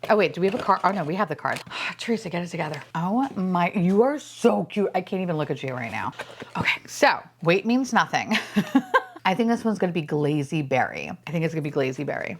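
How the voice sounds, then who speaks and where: A woman's voice: fairly low pitch, lively intonation, a little fast, husky. A woman hosting a casual toy unboxing vlog, gushing over each toy, squealing and swearing often. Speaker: unboxing vlogger.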